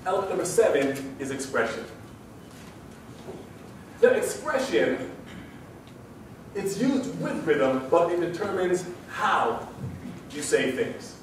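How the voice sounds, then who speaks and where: A man giving a live seminar talk to an audience, animated and drawing them into call-and-response. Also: a little high, slow pace, long pauses, a little hiss or hum. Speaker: public speaking trainer. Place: large room with audience. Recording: echoey hall from far off.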